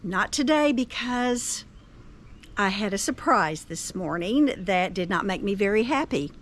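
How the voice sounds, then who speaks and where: A woman's voice: medium pitch, animated, a little slow, slight background noise. A woman, chatting casually to camera outdoors in her garden and telling a story with plenty of filler words. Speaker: gardening vlogger.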